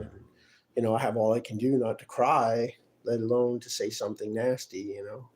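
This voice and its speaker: A man talking in a rambling, aggrieved personal monologue, weary and often trailing off quietly. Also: fairly low pitch, little pitch movement, normal speed. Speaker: vlogger.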